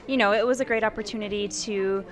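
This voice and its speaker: A young woman from Chicago, an actress and model, agreeable and quick to say yes. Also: mid-range voice, steady tone. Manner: agreeable, frequent "yes" and "mm-hmm". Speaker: actress and model, interview guest. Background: crowd chatter.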